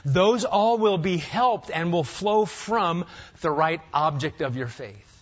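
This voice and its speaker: A man's voice: on the high side, animated, unhurried, muffled recording. An older man from Nebraska preaching a sermon, firing off rhetorical questions with dry humor. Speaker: pastor.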